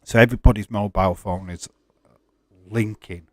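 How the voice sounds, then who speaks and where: A man's voice: fairly low pitch, steady tone, moderate pace, dry recording. Exasperated man chatting live. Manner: exasperated, chatty, laughs often, reads chat aloud. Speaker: live-stream host. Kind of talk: casual live chat with viewers.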